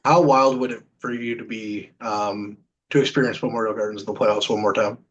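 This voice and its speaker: A man hosting a casual podcast interview, animated and quick to laugh. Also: on the low side, muffled recording. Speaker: podcast host.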